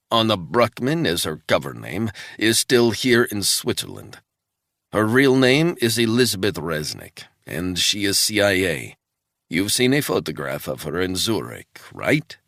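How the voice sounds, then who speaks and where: Man doing a Russian handler, gruff smoker's voice, gravelly, cold threatening orders, audiobook. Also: fairly low pitch, big pitch swings, a little slow, fairly bright tone, no room sound, clean studio sound, full character voice. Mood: menacing.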